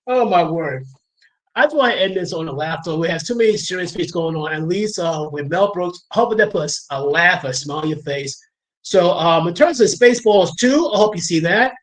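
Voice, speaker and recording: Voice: mid-range voice, animated, normal speed, poor audio. A livestream host with a New York accent, rambling in casual chat and laughing often.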